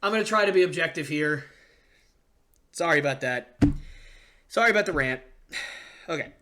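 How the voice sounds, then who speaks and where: A young man hosting a casual sports podcast, ranting excitedly with frequent fillers and restarts. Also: fairly high pitch, normal speed. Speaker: podcast host.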